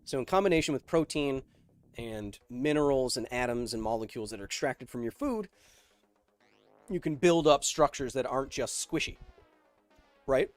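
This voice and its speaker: A man's voice: mid-range voice, dry recording. A man hosting a livestream Q&A, reading viewer questions aloud and answering in a rambling way, with lots of fillers. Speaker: host. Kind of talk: livestream Q&A chat.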